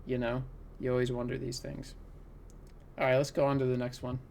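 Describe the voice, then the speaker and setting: A man's voice: medium pitch, completely flat delivery, a little fast, vocal fry, darkish tone, slight background noise. Man narrating his card game play. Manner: talks through plays, exasperated, laughing groans. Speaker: gaming content creator. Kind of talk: live gameplay commentary.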